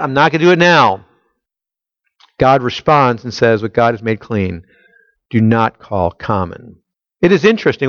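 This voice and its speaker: A man's voice: medium pitch, a bit bright, no echo, muffled recording. A man preaching a conversational sermon, emphatic and full of rhetorical questions to his listeners. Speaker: pastor. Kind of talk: expository sermon.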